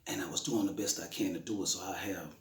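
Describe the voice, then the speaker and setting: A man's voice: deep voice, steady tone, fast talker. A middle-aged man, a father telling an emotional personal story in a conversational, repetitive way. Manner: conversational, repeats himself, frequent "you know what I'm saying". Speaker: grieving father interviewee. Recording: roomy echoey room.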